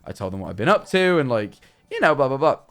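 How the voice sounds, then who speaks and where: A man's voice: mid-range voice, big pitch swings, fast talker, fairly bright tone, soft background music. A man, chatting casually on a livestream and telling rambling, jokey stories. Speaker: streamer.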